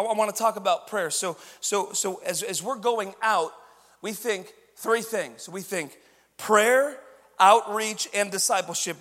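High-voiced man preaching in a hall. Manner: energetic, swings from quiet asides to shouted emphasis. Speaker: pastor. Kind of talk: sermon with storytelling.

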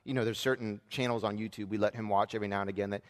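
A man's voice: lowish voice, steady tone, very fast. A man in his thirties preaching a sermon as pastor, talking in an earnest, conversational way with frequent fillers and restarts. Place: church sanctuary. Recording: long reverb of a large church hall.

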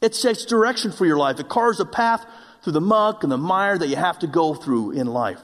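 A man's voice: a little high, lively intonation, normal speed, a bit bright. Preaching man in a reverberant church. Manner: storytelling with self-mocking humor; earnest preaching to a congregation. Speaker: pastor. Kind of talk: sermon. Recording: long hall reverb.

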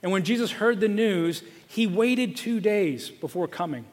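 High-voiced male pastor preaching. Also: a little slow, in a large hall. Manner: storytelling, lively, with fillers. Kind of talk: sermon.

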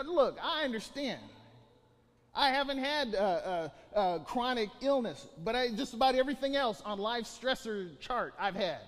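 Preacher, male, high voice, emphatic sermon delivery with restarts, long hall reverb. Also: lively intonation, normal speed. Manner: preaching with rising emphatic bursts and many restarts. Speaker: pastor.

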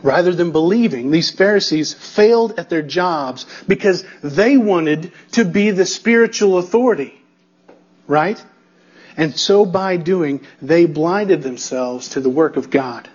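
A man's voice: a little high, animated, measured pace, darkish tone, husky, dull audio. A male pastor preaching an expository sermon, emphatic and building through repetition, checking in with the congregation.

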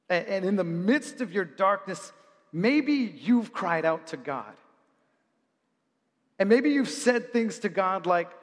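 Preaching man, high voice, hall reverb. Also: lively intonation. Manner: preaching with big swings between shouted praise and hushed, slow passages. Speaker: pastor. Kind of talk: sermon. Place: church sanctuary.

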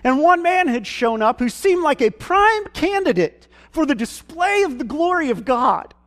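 A man's voice: extremely high pitch, sing-song, normal speed, fairly bright tone. A man preaching a sermon, retelling a Bible story in a casual, folksy storytelling way.

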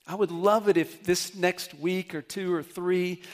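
High-voiced man preaching a sermon. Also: steady tone, measured pace. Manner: earnest, rises loud and high when urging, drops soft and low at close. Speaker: pastor.

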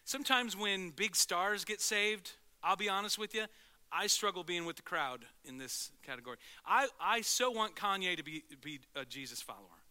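A male pastor preaching a sermon in an animated way, swinging from loud to hushed and acting out quotes. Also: high voice, normal speed.

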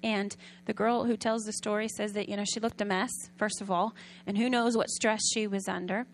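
A woman preaching a sermon in a conversational storytelling way, often asking the audience questions and sometimes dropping soft and quiet. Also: medium pitch, steady tone, moderate pace.

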